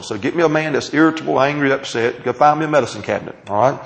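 A man with a gravelly, fry-edged voice delivers a sermon to a class. He draws out key words for emphasis and keeps asking his listeners questions. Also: medium pitch, poor audio. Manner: emphatic, drawn-out phrases, asks the audience questions. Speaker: pastor teaching a Bible class. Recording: taped sermon.

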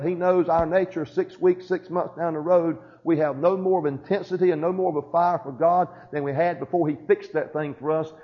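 Man, preacher, sermon, emphatic, calls out to congregation, high pitched. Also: muffled recording. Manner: preaching with rising emphasis and call-and-response.

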